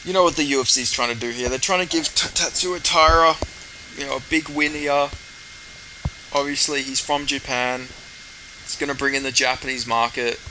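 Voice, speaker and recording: A man's voice: mid-range voice, fairly even intonation, a little fast, pushed and bright, a little hiss or hum, low-quality recording. A man giving casual fight predictions in a rambling way, swearing often. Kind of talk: casual chat.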